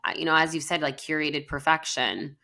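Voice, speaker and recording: A woman's voice: low voice, fairly even intonation, fairly quick, bright, forceful tone. A woman co-hosting a counseling podcast, talking in an earnest, chatty way with plenty of fillers. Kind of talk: casual podcast conversation.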